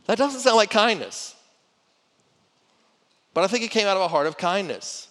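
A middle-aged pastor preaches to his church conversationally, repeating words and restarting phrases as he goes. His voice is high and fairly bright, with lively intonation at a normal speed. The recording carries a long hall reverb.

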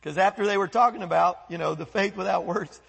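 Man, pastor, animated sermon, high voice, husky tone, long church reverb. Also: fast. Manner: animated preaching with quoted voices and asides. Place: church sanctuary.

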